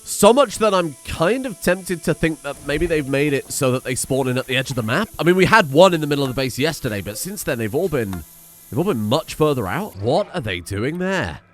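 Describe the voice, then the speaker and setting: A young man giving excitable, chatty let's play commentary and swearing freely. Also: a little high, a little fast, soft background music. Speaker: gaming streamer.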